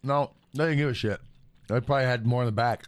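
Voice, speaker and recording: A man's voice: mid-range voice, fast talker. A man co-hosting a podcast, chatting casually, rambling, laughing often and swearing a lot. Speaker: podcast co-host. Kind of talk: casual profane chat.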